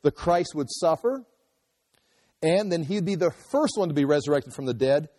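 A male pastor teaches through a passage in a loose, conversational sermon, full of restarts and asides. His voice sits a little high but sounds mellow and dark. The sound rings with long reverb through a large hall. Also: animated, normal speed. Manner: conversational, restarts and asides while explaining scripture. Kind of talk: expository sermon.

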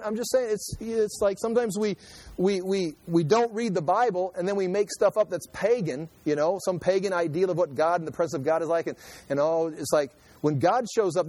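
A man giving conversational Bible teaching in an animated, joking way, acting out quotes and often restarting his sentences. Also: high-pitched, a little fast, no room sound. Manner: animated, jokey, acts out quotes, frequent restarts. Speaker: preacher.

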